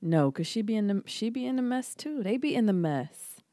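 A woman's voice: medium pitch, moderate pace, dry recording, clean studio sound. A young adult woman co-hosting a podcast, telling stories in casual chat and acting out the quoted lines. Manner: animated storyteller, acts out quotes. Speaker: podcast co-host.

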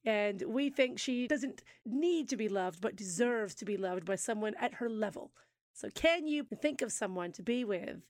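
A woman's voice: mid-range voice, expressive, normal speed, darkish tone, dry recording, studio quality. A woman co-hosting a podcast in casual chat, enthusiastic and emphatic, often chiming in to agree. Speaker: podcast co-host.

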